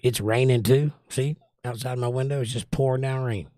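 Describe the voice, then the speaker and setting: A man's voice: mid-range voice, moderate pace, dry recording, studio quality. A man hosting a casual livestream from home, chatting loosely and reading viewer comments aloud at his desk microphone. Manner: relaxed, rambling, reads viewer comments aloud. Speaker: livestream host reading chat. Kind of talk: casual chat. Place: indoors at home by a window.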